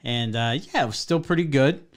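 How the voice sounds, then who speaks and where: Guy on a podcast, mid-pitched, joking around and cussing a lot. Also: a little fast. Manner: crude, joking, swears freely. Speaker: podcast co-host. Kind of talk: casual chat.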